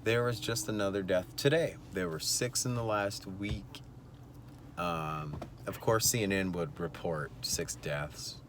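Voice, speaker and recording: A man's voice: low voice, unhurried, a little hiss or hum. A man with a Californian accent vlogging casually from a car, rambling emotionally with lots of fillers. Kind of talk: casual vlog commentary. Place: in a car at evening.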